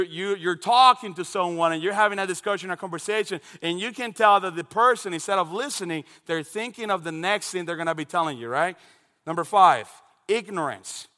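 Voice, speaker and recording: Brief: Dominican-accented male preacher, slightly high voice, lively storyteller, booming hall reverb. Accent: Dominican Spanish. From Dominican Republic. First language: Spanish. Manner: animated storytelling with shouted imitations. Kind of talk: sermon. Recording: long reverb of a large hall.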